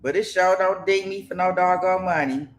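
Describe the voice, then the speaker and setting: This middle-aged woman speaks at a moderate pace in a lowish voice, with a faint hiss or hum in the recording. She's hosting a casual livestream about a trial, chatting directly to viewers, thanking donors, and rambling with plenty of restarts and fillers.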